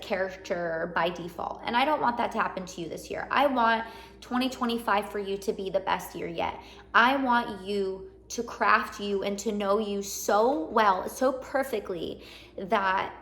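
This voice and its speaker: A woman talks straight to her viewers in a casual, earnest pep talk, asking one rhetorical question after another. Her voice sits at an ordinary middle pitch. The room around her rings with a noticeable echo. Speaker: self-help vlogger. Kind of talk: casual motivational talk to camera.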